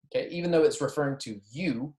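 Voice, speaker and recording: A man's voice: on the high side, fast, darkish tone. Man teaching Spanish greetings in an echoey room. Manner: repeats phrases for students, frequent "okay?" and "right?" checks; light joking asides. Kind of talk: recorded classroom lecture.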